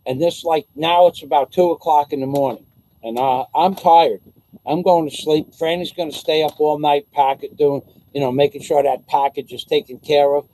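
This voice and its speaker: A man tells a long personal story to the camera, loose and profane, stumbling over restarts as he plays out every line of dialogue. His voice sits a bit high for a man, yet the tone is warm and mellow. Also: fairly even intonation, normal speed, poor audio. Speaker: vlogger. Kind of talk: casual storytelling.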